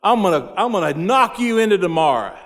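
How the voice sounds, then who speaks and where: A man's voice: sits high, sing-song, a little fast, fairly bright tone. A man voicing the giant Goliath as a boastful, threatening warrior in folksy slang. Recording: long hall reverb.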